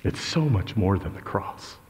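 A man preaching a sermon with passion, moving between loud outbursts and low, intense tones. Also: lively intonation, a little slow, long reverb tail. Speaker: pastor.

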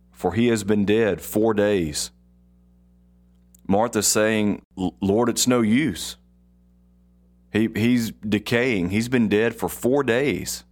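Slow, deep-voiced man reading scripture. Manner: slow and deliberate, repeats key phrases for emphasis. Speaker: podcast host. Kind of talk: devotional Bible reading with commentary.

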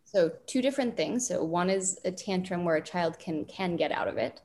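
Woman, parenting expert, interview guest, calm and deliberate, gravelly low voice. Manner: calm, deliberate, frequent fillers. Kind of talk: interview answers, advice.

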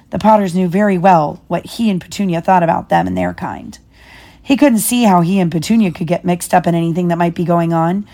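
A mother with a lowish, darker-toned voice reads a children's novel aloud to her child, pausing occasionally to explain things along the way.

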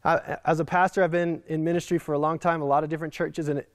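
A man preaching a sermon as a pastor, animated and slipping into quoted voices. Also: on the high side, quick pace, dry recording, studio quality.

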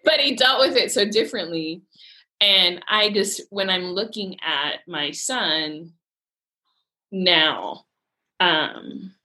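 Middle-aged woman, casual faith chat; emphatic, heartfelt, bright and a little low. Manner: emphatic, heartfelt, laughs easily.

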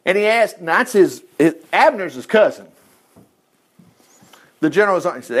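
A man leading a casual Bible study, chatty and folksy, breaking off into asides. His voice sits fairly high for a man. He retells scripture in plain, homespun words. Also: very animated, moderate pace, pauses often. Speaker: Bible teacher.

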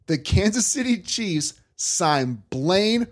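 A man hosting a sports talk podcast, ranting in a worked-up, animated way. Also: high voice, slow. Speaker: podcast host.

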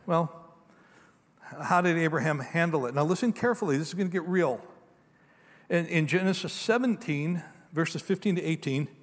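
Male pastor, slightly high voice, conversational sermon, long hall reverb. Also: normal speed, long pauses. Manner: conversational storytelling, swinging between emphatic and hushed.

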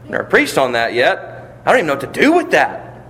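A pastor preaches with wide swings of pitch, his voice climbing high and loud at the peaks of each point. He asks his listeners rhetorical questions. The sound carries a long reverb from a large hall. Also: huge pitch swings, a little fast. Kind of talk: sermon.

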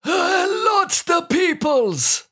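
A woman voicing a bumbling married man in a scripted comedy sketch, speaking halting broken English full of "uh" fillers. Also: very high voice, big pitch swings, fairly bright tone, exaggerated voice. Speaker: co-host of a comedy show.

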